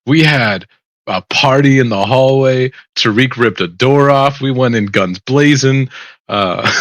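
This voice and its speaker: A man's voice: medium pitch, slow, fairly bright tone, no echo. A man playing in a tabletop game, describing his character's actions casually and laughing often. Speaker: player.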